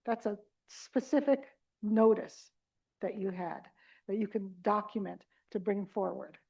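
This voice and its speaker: A middle-aged woman leading a live dementia care workshop, chatty and animated, acting out little caregiver scenes and talking with the audience. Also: mid-range voice, measured pace, creaky, poor audio. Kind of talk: live conference workshop talk. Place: conference room before a live audience.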